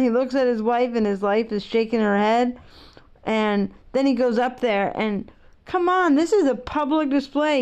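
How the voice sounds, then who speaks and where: A woman's voice: fairly high pitch, a little mellow. A middle-aged woman vlogging in a rambling, outspoken, opinionated casual monologue.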